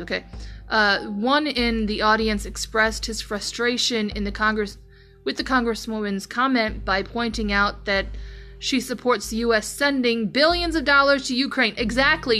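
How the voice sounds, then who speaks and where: A woman's voice: a little high, pushed and bright. A woman hosting a news commentary podcast, reading stories and breaking into heated, profane rants. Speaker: podcast host.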